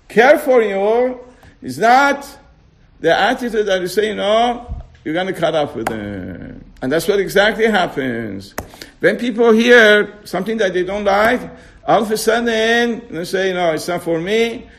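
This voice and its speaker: A man teaching an informal religious class. He keeps quizzing his listeners with questions and slows down to stress key words. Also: sits high.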